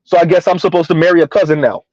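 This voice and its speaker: A man's voice: on the high side, fairly even intonation, rapid-fire, darkish tone, dry recording, highs cut off. A man from the US South giving sarcastic, mocking reaction commentary and reading out chat comments. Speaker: commentary streamer.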